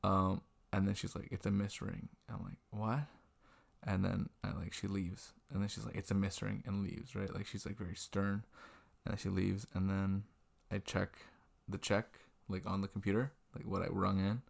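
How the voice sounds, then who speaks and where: A man's voice: sits low, level tone, moderate pace, gravelly. A young man from Washington state telling a rambling, self-deprecating story about his restaurant shift, swearing freely, recorded on a webcam at night. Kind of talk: casual storytelling vlog. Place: indoors at a computer, late at night. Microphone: webcam mic.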